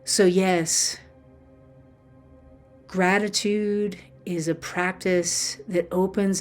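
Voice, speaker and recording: A woman with a somewhat low voice speaks as a spiritual teacher, telling a personal story from the heart. She talks in an earnest, emotional way and often pauses on fillers. Faint music plays quietly underneath. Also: fairly even intonation.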